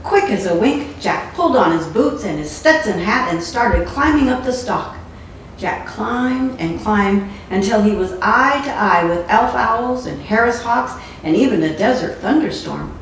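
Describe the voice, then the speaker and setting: A woman's voice: mid-range voice, lively intonation, unhurried. A woman reading a picture book aloud with playful asides. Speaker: storybook reader. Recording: echoey room, mic far off, faint noise.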